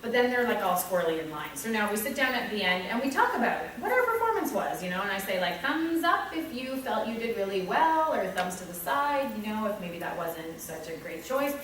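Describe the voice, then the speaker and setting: A woman's voice: medium pitch, big pitch swings, a little fast, hardly any pauses, a bit bright, slight background noise. A woman teacher talking candidly to fellow teachers about her classroom, acting out children's voices and her own. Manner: chatty, candid, acts out kids and herself. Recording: echoey room from far off.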